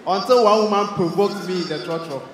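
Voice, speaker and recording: A young Ghanaian stand-up comedian with a Ghanaian English accent and a very high-pitched voice. He performs in an animated way, acting out characters and shouting punchlines. His voice rings through a large, echoey hall with faint noise behind it. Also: brisk. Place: large hall with live audience.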